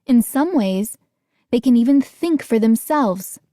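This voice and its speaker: A woman voicing a calm scientist mother in an audiobook, explaining things patiently. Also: on the high side, a little slow, dry recording, studio quality. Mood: reassuring.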